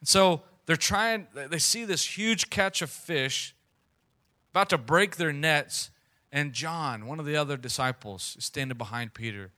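Bright-voiced preacher, casual sermon. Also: male voice, fairly high pitch, animated, measured pace. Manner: conversational storytelling, retelling scripture in casual speech.

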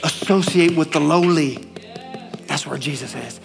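A middle-aged man preaching a sermon, telling a personal story and building to loud, fervent peaks. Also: fairly high pitch, measured pace, creaky, over music.

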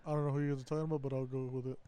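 Fast-talking young man with faint noise. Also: mid-range voice, flat delivery, dark tone. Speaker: podcast co-host. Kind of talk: casual chat.

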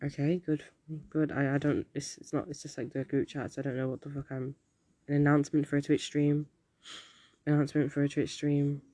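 This solo podcaster is a teenage boy whose voice sits a little high with a dark tone. His casual monologue wanders between subjects, peppered with swearing and self-deprecating humor.

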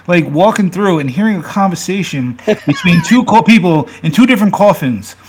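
Jokey man, slightly high voice. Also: animated, a little fast, a little hiss or hum. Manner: storytelling, jokey, laughs often. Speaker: podcast co-host. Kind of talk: casual chat.

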